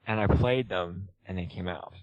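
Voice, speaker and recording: A man's voice: low-pitched, normal speed, dry recording, highs cut off. A man spins a long personal story in loose, casual talk. He rambles, leans on "you know" and "like", and acts out what everyone said. His voice sits close and dry, with almost no room sound. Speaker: guest.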